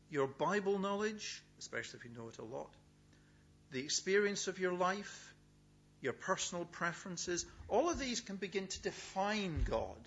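Middle-aged man, preacher delivering a sermon; animated, fairly high voice, emphatic and deliberate; dull recording. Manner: emphatic, repeats key words with pauses. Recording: dull, lo-fi sound with faint hum.

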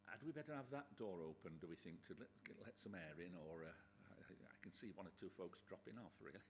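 A man preaching a sermon in a church, chatty with joking asides, bursting into loud emphatic quotes. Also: medium pitch, a little hiss or hum. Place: church with a pulpit, indoors.

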